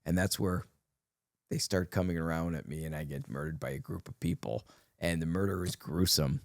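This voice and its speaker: A man co-hosting a podcast, telling stories in a rambling, halting way. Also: low-pitched, animated, creaky, no echo, clean studio sound. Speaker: co-host. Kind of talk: casual chat.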